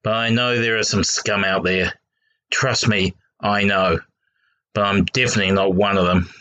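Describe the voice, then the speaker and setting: A man voicing a smooth-talking con man who coaxes and reassures his girlfriend, read out in a documentary podcast. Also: on the low side, steady tone, normal speed, pushed and bright, muffled recording. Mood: reassuring. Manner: coaxing, reassuring.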